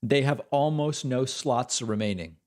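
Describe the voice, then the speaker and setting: A man's voice: medium pitch, unhurried, darkish tone. A man hosting a political commentary stream, talking casually in a sardonic, mocking way.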